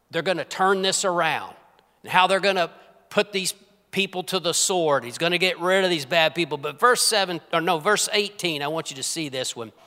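A man preaching a sermon as pastor, dropping to hushed whispers and rising to emphatic, forceful lines. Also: a little high. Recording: long hall reverb.

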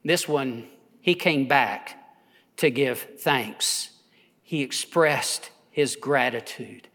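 A man preaching as a pastor, building to impassioned near shouts and then dropping low and quiet. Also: very slow, big-room sound. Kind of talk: sermon.

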